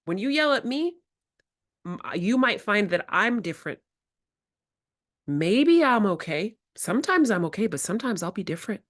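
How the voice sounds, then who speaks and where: Woman presenter with a middle-pitched voice, reflective and candid, giving a teaching workshop. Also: big pitch swings, normal speed, long pauses. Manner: reflective, candid, acts out her own quoted words.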